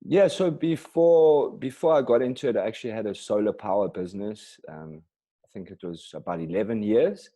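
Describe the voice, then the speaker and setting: A friendly South African man speaks as a guest on an online interview. His voice sits low and mellow, and he chats warmly with the host. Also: moderate pace. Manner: friendly, laughs easily. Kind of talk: casual interview chat.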